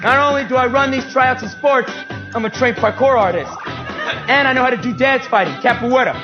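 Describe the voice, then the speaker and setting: An actor playing a brash, crude young male jock bully who shouts, taunts and laughs at his own jokes, in a comedic stage play. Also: very high voice, brisk, highs cut off, loud music behind the voice. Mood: mocking.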